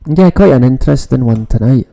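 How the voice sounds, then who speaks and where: A man's voice: medium pitch, animated, brisk, gravelly, warm tone, rough recording. A man hosting a casual late-night livestream, rambling, swearing and greeting viewers in the chat. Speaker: livestream host.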